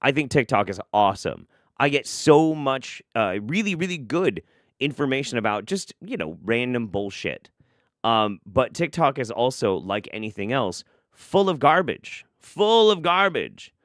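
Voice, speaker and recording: Hosting a live stream, a man reacts to clips with incredulous, profane, sarcastic remarks. His medium-pitched voice swings widely, moves unhurriedly and sounds fairly bright, captured cleanly in a studio with no room sound.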